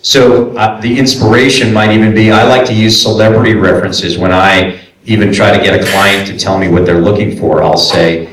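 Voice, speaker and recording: A man's voice: on the low side, little pitch movement, normal speed, a bit bright. A man, a voice actor and director, answering audience questions at a convention panel in a loose, chatty way full of fillers and restarts. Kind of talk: casual Q&A talk to a live audience. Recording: echoey room from far off.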